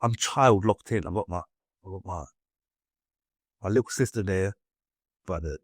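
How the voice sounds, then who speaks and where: A man's voice: low-pitched, unhurried, husky, no echo, clean studio sound. A young man from England, telling his life story bluntly in a casual interview, swearing and acting out what people said. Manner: blunt, swearing, acts out voices in quotes, many fillers.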